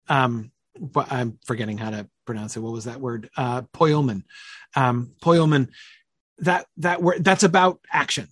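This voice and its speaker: A man's voice: on the high side, breathy edge, no room sound, studio quality. A man leading a conversational Bible study, thinking aloud with many fillers and checking questions.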